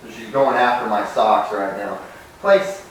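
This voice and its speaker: Young guy dog trainer explaining as he goes, sharp commands, room echo everywhere, a bit far from mic. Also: fairly low pitch, normal speed, a little hiss or hum. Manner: relaxed, explaining while training, bright sharp commands to the puppy. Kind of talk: casual instructional demo. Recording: very echoey room, mic at a distance.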